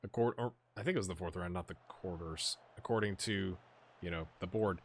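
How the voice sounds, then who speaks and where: A man hosting a gaming video, chatting and reacting excitedly as he plays a football management game. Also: low-pitched, a little fast, husky. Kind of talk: live commentary while playing a football management game.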